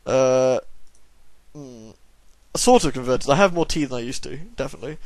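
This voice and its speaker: A man's voice: medium pitch, normal speed, a little mellow, no room sound. A tired young man casually reading out and answering viewer questions, rambling with dry, self-deprecating humour. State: tired, yawning. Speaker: YouTube gaming channel host.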